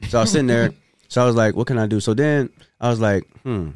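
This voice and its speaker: A man hosts a casual chat at a quick clip, telling a rambling story. He restarts his sentences a lot and keeps asking "you know what I'm saying". His voice sits at a middle pitch and sounds dry and close, with no room echo. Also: darkish tone, clear, resonant tone. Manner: many restarts and repeated words. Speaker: podcast host.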